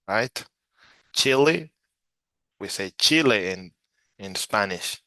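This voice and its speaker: Male language teacher from Mexico, lowish bright voice, unhurried, repeats words for learners. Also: sing-song, gravelly, dry recording. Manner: slow, patient, repeats words for practice. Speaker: Spanish teacher. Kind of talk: slide-based language lesson.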